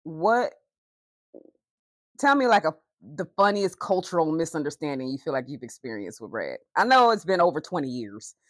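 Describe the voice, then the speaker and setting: A woman hosting a podcast, asking questions and encouraging her guest with quick, supportive replies. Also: deep voice, sing-song, no echo, clean studio sound. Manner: warm, encouraging interviewer, quick affirmations. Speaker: podcast host. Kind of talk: casual podcast chat.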